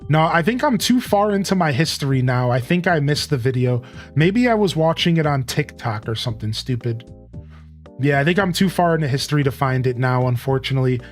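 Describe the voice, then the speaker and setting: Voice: mid-range voice, animated, fairly quick. Chatty streamer over faint music. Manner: chatty, loose, greets chat by name. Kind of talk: casual live-stream chat and storytelling.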